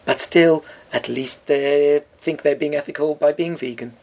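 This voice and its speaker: Male podcast co-host with a slightly high-pitched voice. Dry, opinionated, deliberate. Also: creaky, darkish tone. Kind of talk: casual chat. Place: studio.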